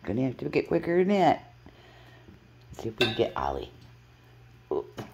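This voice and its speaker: Woman coaxing kittens in high baby talk. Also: huge pitch swings, moderate pace, gravelly, background noise. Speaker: pet foster carer. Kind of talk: casual pet vlog.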